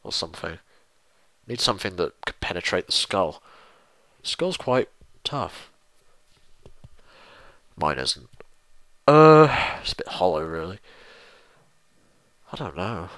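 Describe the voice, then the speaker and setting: Answering viewer questions in a laid-back monologue, this young English YouTuber wanders, mocks himself, and curses lightly. He speaks slowly in a low, sing-song voice that's a bit bright, leaving long pauses, with no echo.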